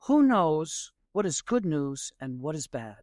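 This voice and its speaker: A man putting on a serene old sage from an ancient parable, measured and unbothered, his voice set a little lower and further back, in a dry sound with no reverb. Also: big pitch swings, darkish tone.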